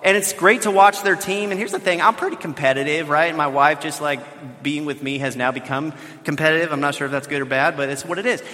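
A man in his thirties, a pastor telling a lively family story in a sermon, now and then raising his voice. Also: fairly high pitch, quick pace, few pauses. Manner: animated storytelling with bursts of shouting. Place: church sanctuary. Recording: long reverb of a large hall.

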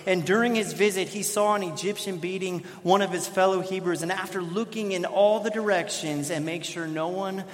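A man in his thirties, a pastor preaching a sermon in a church and telling an animated, self-deprecating story. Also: sits high, a little fast, few pauses. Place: church sanctuary. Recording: long hall reverb.

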